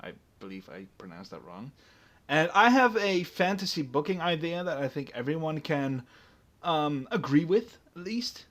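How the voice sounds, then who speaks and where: A man's voice: on the high side, very animated, normal speed, a bit bright. A man hosting a casual podcast chat, rambling with lots of fillers and restarts. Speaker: podcast host.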